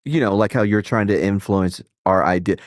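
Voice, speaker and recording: A male live-stream host with a lowish voice rambles through loose opinions and swears freely. He keeps cutting himself off and restarting. The sound is dry and close-miked. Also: normal speed, no echo. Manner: rambling and profane, with many restarts and self-interruptions. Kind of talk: casual live-stream chat.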